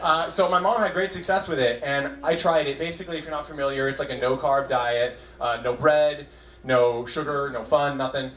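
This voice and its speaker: A young man doing a stand-up comedy set on a club stage, self-deprecating and halting, with frequent restarts. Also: medium pitch, steady tone, a bit bright, slight background noise. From Southern California. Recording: echoey club room, faint crowd ambience.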